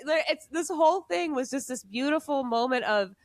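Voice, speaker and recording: A woman hosting a podcast, chatting casually and telling an excitable story in quick bursts. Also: high voice, no echo. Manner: excitable, rapid storytelling with voices. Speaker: podcast host. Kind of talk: casual conversation.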